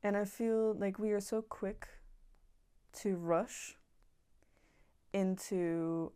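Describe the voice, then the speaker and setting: A woman's voice: mid-range voice, steady tone, very slow, pauses often, mellow, smooth. A young woman talking casually and earnestly to viewers about self-improvement, reassuring and repeating herself, swearing now and then. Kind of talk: casual monologue to camera.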